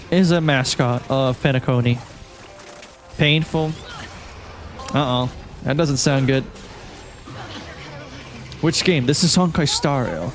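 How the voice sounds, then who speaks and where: A man from Malaysia streaming a video game and chatting casually with his viewers. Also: mid-range voice. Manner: relaxed, chatty, reads and answers chat. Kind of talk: casual live-stream chat. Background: faint game music.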